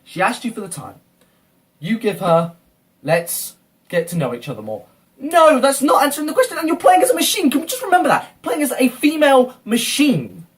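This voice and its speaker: A man's voice: extremely high pitch, sing-song, brisk, distant mic. A man ranting through a reaction commentary, exasperated, swearing and repeatedly calling someone an idiot. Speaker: video reactor.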